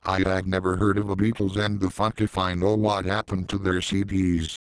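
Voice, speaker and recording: A man's voice: deep voice, level tone, moderate pace, clear, resonant tone, close to an everyday voice. A man reading the lines of a puzzled, earnest young woman in a story. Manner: earnest, puzzled, plain-spoken. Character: bewildered young woman, the narrator's girlfriend.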